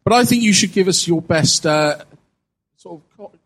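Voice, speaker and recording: A man's voice: high voice, moderate pace, a bit bright, husky. A man co-hosting a casual chat, playful and teasing with his guest. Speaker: co-host.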